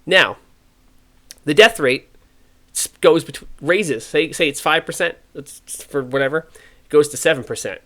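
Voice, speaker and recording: A man hosting a podcast, talking in an animated, ranting way and acting out the voices he quotes. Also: a little high, moderate pace, long pauses. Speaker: podcast host. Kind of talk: casual podcast opinion talk.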